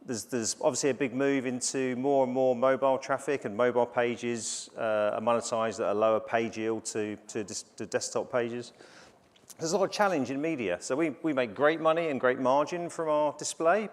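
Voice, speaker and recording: Brief: middle-aged man presenting at a business conference, chatty, loose with fillers, medium pitch. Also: brisk. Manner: conversational, frequent fillers and restarts. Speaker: conference speaker. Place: conference stage.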